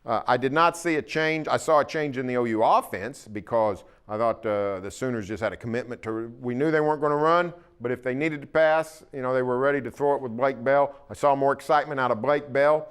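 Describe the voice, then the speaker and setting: A man with an Oklahoma accent co-hosting a casual sports talk show, folksy and opinionated, with plenty of pauses. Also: mid-range voice, steady tone, smooth. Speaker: sports columnist co-host.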